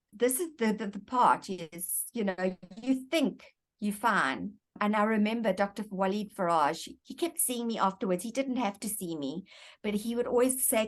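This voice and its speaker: Woman, interview guest, earnest, reflective storytelling, repeats words as she thinks, mid-pitched voice.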